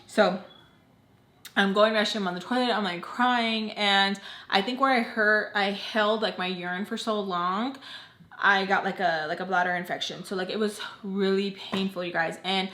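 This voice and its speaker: A woman's voice: medium pitch, fairly even intonation, moderate pace, pushed and bright. A young woman telling a personal story casually as a vlogger, filling her speech with "like", talking straight to her viewers and slipping in Spanish words. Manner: chatty, heavy use of "like", addresses "you guys". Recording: echoey room.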